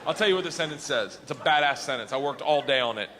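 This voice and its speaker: A man's voice: on the high side, quick pace, noisy background. A middle-aged man telling a rowdy, profane stand-up story, often laughing through his lines. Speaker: stand-up comedian.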